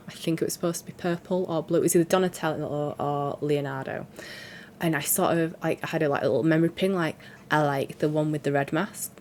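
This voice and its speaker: A woman talks casually into the camera, nasal and congested from a cold. Her chat wanders and pokes gentle fun at herself. A faint noise sits under her voice. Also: sits low. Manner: chatty, rambling, self-deprecating. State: congested with a cold, sore throat. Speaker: cross-stitch vlogger.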